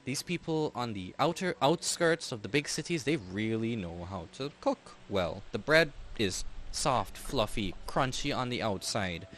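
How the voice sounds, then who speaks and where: Lively-voiced man as game master. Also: medium pitch, a little slow, hardly any pauses, slight background noise. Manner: relaxed, wry, trails off and restarts. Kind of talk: narrating a tabletop game.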